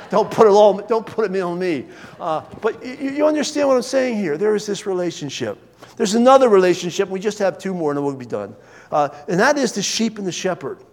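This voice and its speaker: A middle-aged male pastor preaches a sermon in a high-pitched voice, lifting his voice for emphasis and dropping to quiet asides. His words ring out with a long reverb trail. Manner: preaching with wide swings between raised emphasis and quiet asides.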